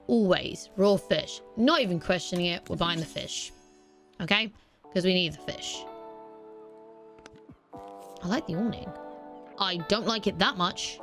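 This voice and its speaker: A woman casually chatting through a cozy video game, gushing excitedly over a pet dog. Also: on the low side, unhurried, pauses often, soft background music. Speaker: gaming YouTuber. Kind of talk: casual let's-play commentary.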